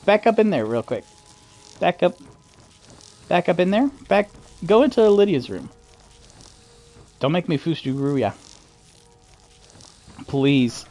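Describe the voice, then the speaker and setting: A man's voice: a little high, big pitch swings, measured pace, long pauses, darkish tone, faint music behind. A man giving casual, rambling commentary while playing a video game, cursing and laughing as he reacts. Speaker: gamer streamer. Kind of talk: casual gameplay commentary to his mother.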